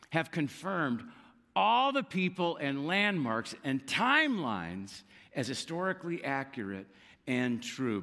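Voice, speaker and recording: A man preaching a sermon, telling a scripture story with lively emphasis and acting out quoted lines. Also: mid-range voice, big-room sound. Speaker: pastor.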